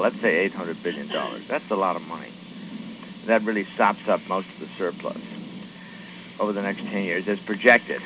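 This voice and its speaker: A man, a congressman, answering questions from radio reporters in a halting way, with many fillers and restarts. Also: low-pitched, noisy background. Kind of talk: radio call-in interview.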